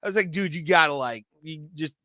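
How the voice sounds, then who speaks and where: Man, podcast co-host; bright, crisp, casual teller, dry sound. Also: fairly high pitch, brisk, no echo. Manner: relaxed storytelling, swears casually. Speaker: podcast co-host, former hockey referee. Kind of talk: casual chat.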